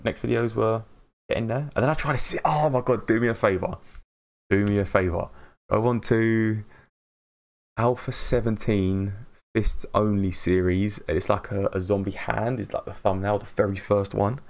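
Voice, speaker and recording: A man's voice: on the low side, gravelly. A man chatting casually on a live stream, rambling and laughing at himself as he greets viewers.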